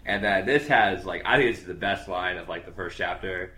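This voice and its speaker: A man's voice: low voice, fairly quick, sharp tone. A young man in casual chat, rambling through a story recap with lots of fillers and acting out characters' lines.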